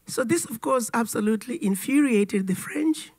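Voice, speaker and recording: A woman giving a formal address to an audience, her voice raspy and hoarse from a cold, telling history in a measured, lightly humorous way. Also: on the high side, animated, a little mellow. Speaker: keynote speaker.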